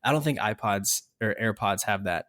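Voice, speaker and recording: A man's voice: on the low side, moderate pace, a bit bright. A man co-hosting a casual podcast, telling a story and laughing through his words. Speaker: podcast co-host.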